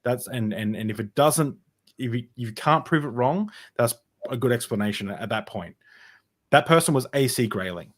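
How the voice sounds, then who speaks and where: A man's voice: medium pitch, animated, normal speed. A man talking as a podcast guest, telling his personal story in a casual, rambling way with many fillers and restarts.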